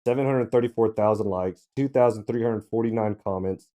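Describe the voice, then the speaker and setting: A man's voice: fairly low pitch, a little fast, dark tone. A man co-hosting a casual podcast chat, telling a laid-back story with chuckles. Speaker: co-host.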